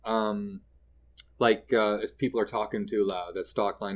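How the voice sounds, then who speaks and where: Fairly low in pitch and steady in pace, a Canadian comedian shares stories during a laid-back interview. He's animated throughout, performing the lines of the people in his tales as he goes.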